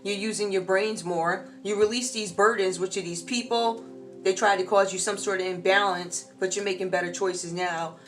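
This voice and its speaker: Woman tarot reader, casual and animated, slangy asides, soft music bed underneath. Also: medium pitch, moderate pace. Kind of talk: casual tarot reading monologue.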